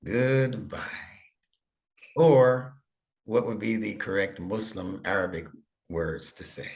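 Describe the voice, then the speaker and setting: A man's voice: deep voice, unhurried, creaky. A middle-aged man giving a one-on-one online lesson to a child, patient and coaxing with playful teasing. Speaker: instructor.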